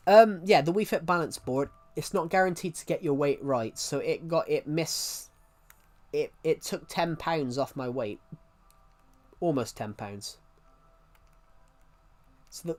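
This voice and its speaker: A man's voice: a little high, lively intonation, a little slow. A man with an English accent, chatting casually on a live stream, rambling and restarting his sentences as he answers viewers. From England. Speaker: livestreamer.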